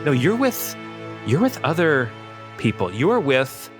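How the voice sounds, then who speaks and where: A man's voice: mid-range voice, sing-song, a little slow, faint music behind. A man hosting and game-mastering a tabletop fantasy game, narrating scenes with frequent fillers. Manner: fillers and restarts, descriptive narration.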